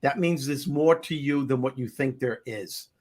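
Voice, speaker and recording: A man's voice: medium pitch, moderate pace. Brief: older male host, chatty storyteller, ordinary mid-range voice, loves to act things out. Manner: animated storyteller, acts out characters. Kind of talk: casual talk show chat.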